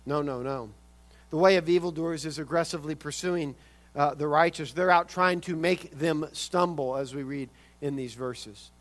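A man preaching a sermon, swinging from loud urgent emphasis to quiet intensity and often repeating words. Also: a little high, moderate pace. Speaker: pastor.

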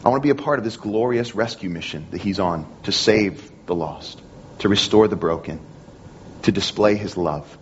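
A man's voice: on the low side, moderate pace, muffled recording, slight background noise. A man preaching a sermon in an earnest manner, repeating phrases and restarting often. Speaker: pastor.

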